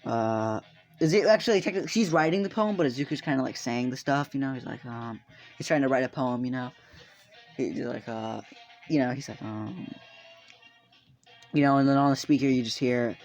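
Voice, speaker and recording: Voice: medium pitch, normal speed, a little mellow. A narrator improvising a fan story in a rambling, casual way, full of fillers and swearing, with faint music behind.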